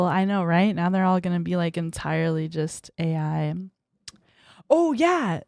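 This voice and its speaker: A woman's voice: lowish voice, expressive, measured pace, vocal fry, darkish tone, dry recording, clean studio sound. A young woman streaming as a VTuber, chatting casually with her viewers in a giggly, bratty way and squealing when they tease her. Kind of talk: casual livestream chat reading viewer messages.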